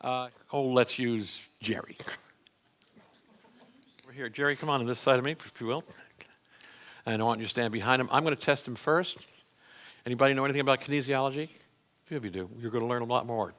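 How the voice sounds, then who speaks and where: A middle-aged man teaching a class to a live audience in a church hall. He talks in a plain, conversational way at a middle pitch and often stops to restart a sentence. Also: a little fast, long pauses, a bit bright.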